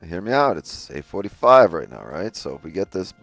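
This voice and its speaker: A man's voice: sits low, very animated, fairly quick, fairly bright tone, no echo, faint music behind. A man hosting a live day-trading stream, chatting casually with his viewers, laughing often and swearing freely. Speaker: day-trading livestream host.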